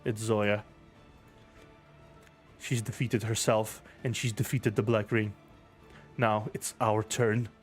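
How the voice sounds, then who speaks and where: A man's voice: fairly low pitch, flat delivery, slow pace, long pauses, soft background music. A man streaming a game, reading the story text aloud and chatting, laughing and swearing easily, a bit teary-eyed.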